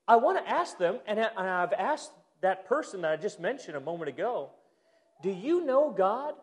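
High-voiced preacher in an echoing hall. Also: male voice. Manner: animated preaching, swings from loud to hushed. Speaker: pastor. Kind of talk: sermon. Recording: long hall reverb.

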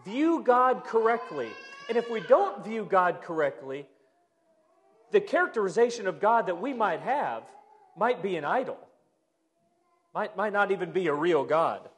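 Pastor guy preaching in a church, real high voice, long echo, gets loud then goes quiet. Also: measured pace, slight background noise. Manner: animated preaching, swings from loud to hushed. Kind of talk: sermon. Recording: long hall reverb.

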